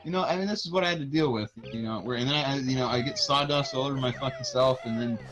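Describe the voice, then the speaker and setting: A man's voice: mid-range voice, quick pace, a crowd in the background, rough recording. A young man, a speedrunner, chatting casually while playing, rambling and swearing with many restarts. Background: game music.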